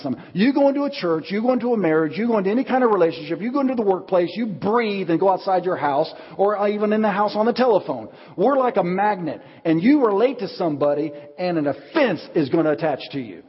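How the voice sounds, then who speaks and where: A man preaching a sermon as pastor, telling stories with lively acted-out quotes. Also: high voice, husky. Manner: animated storytelling, acts out quotes. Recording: dull audio with long hall reverb.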